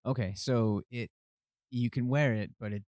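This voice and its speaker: A man narrating as game master of a tabletop game, relaxed and chatty with many fillers. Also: mid-range voice, moderate pace, no echo.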